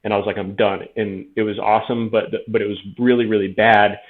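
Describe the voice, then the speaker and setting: A man in his thirties talks frankly through his story as a podcast guest, voice low and fairly level. He keeps quoting himself in a casual, conversational way. The audio is thin and tinny, as if heard over a phone line. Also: flat delivery, fast. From Tucson, Arizona.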